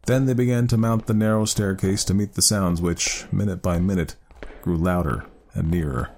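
A man narrating a ghost story in a measured, dramatic reading. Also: low voice, a little hiss or hum. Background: faint music.

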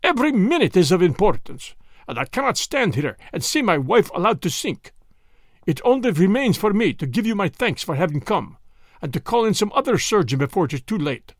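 A man voicing an anxious, imperious merchant husband in a read-aloud story, speaking urgently and forcefully. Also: high voice, sing-song, fairly quick, no echo, studio quality, full character voice.

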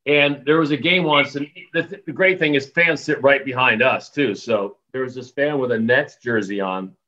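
A man who works as an arena announcer, telling stories in a casual interview with animated quoted voices and frequent laughter. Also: mid-range voice, moderate pace, lo-fi sound. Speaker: arena public address announcer.

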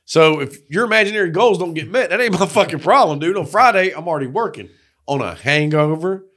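Profane, animated podcast co-host man. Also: fairly high pitch, a little fast. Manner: profane, animated storytelling with acted-out quotes. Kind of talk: casual crude banter.

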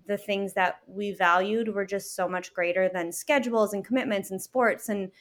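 A woman in her thirties, a working mother, talking earnestly as a guest in a casual interview, animated and quick to laugh. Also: medium pitch.

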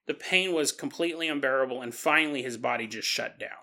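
A man hosting a podcast and telling a paranormal story in a lively, conversational way. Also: medium pitch, fast talker, vocal fry. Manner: animated, conversational retelling. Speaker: podcast host.

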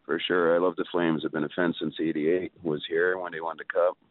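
A man's voice: sits low, little pitch movement, a little fast, no echo. Easygoing man calling in on a tinny phone line. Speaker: caller. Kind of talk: phone-in call. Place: driving in a car.

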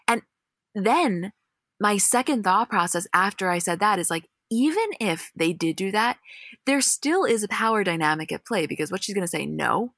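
A woman's voice: mid-range voice, expressive, moderate pace, fairly bright tone, no echo, studio quality. A woman co-hosting a casual recap chat, candid and profane, retelling scenes with animation. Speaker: podcast co-host.

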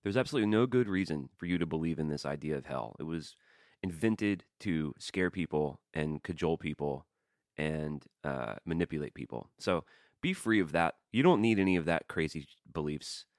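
A man's voice: extremely low pitch, animated, moderate pace, dry recording, clean studio sound. A man hosting a casual podcast chat, speaking earnestly and firmly to his listeners. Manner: earnest, argues firmly against eternal hell. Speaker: podcast host. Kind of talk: casual conversation.

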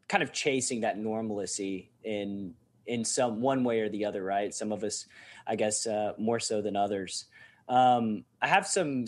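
A man hosting a casual interview and asking curious questions. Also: lowish voice.

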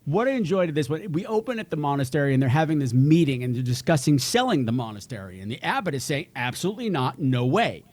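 A man's voice: a little high, very animated, fast talker, few pauses, darkish tone. A man co-hosting a podcast, wryly retelling and joking about a TV show. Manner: wry, jokey storytelling. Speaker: podcast co-host. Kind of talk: casual chat recapping a TV show.

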